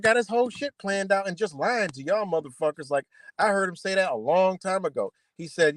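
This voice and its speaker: A man with rants heatedly on a livestream, cursing and repeating himself as he confronts a rival. His voice sits a little high for a man, and the sound is dry and close. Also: lively intonation, fast talker, no room sound. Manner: profane, confrontational, repetitive. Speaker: livestream host.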